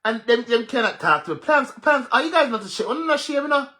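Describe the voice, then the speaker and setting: A man with a Jamaican accent ranting on a live stream, mocking and cursing with loud laughs. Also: very high voice, big pitch swings, fast talker. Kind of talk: casual live-stream rant.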